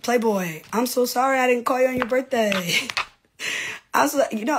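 A woman's voice: fairly high pitch, moderate pace, slight background noise. A woman, a reality TV personality, in a casual livestream rant to her fans, brash and profane with mocking asides.

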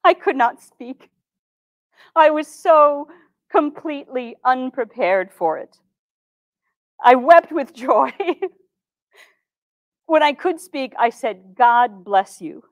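Brief: actress as earnest 1860s reformer, formal first-person monologue, dry close sound. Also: female voice, high voice, animated, dry recording, full character voice, rough recording. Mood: recounting. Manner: formal, measured old-fashioned diction. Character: earnest 1860s woman reformer, composed and dignified. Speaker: historical reenactor.

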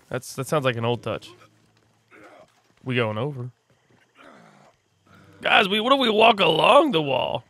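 A man commenting on his own gameplay in a let's play, excitable and joking. His bright voice leaps around in pitch, and the recording is dry and close. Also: slow, long pauses, dry recording. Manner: excitable, joking, often laughing. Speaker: gaming channel host.

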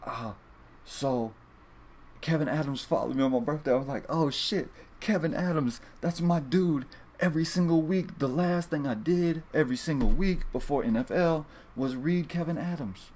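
A fantasy sports video host delivers a casual monologue straight to his viewers, rambling and swearing while repeating himself and restarting often. His voice is a little high and darkish in tone, at a moderate pace.

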